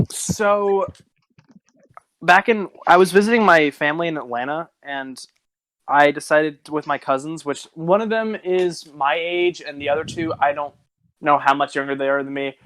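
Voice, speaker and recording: A man's voice: on the high side, a bit bright, a little hiss or hum, poor audio. Young guy rambling through a story. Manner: rambling, laughs at his own stories. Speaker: podcast co-host. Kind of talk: casual storytelling chat.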